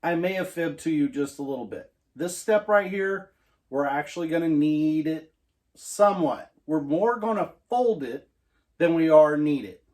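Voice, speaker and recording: A man's voice: fairly high pitch, animated, normal speed, darkish tone. Folksy man joking through a cooking demo. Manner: joking, folksy, self-mocking. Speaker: homestead cooking host. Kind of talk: casual cooking demonstration. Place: home kitchen.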